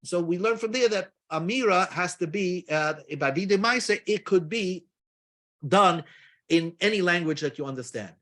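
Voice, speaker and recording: A man's voice: high-pitched, lively intonation, normal speed, fairly bright tone. A man giving a daily Talmud lesson, explaining step by step with casual asides and freely mixing in Hebrew and Aramaic terms. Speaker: Talmud teacher.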